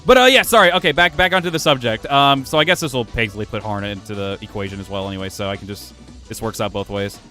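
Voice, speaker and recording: This streamer's fairly low voice comes out fast, pushed and bright while he plays a game. He rambles, mocks himself and swears without restraint, with faint computer music underneath.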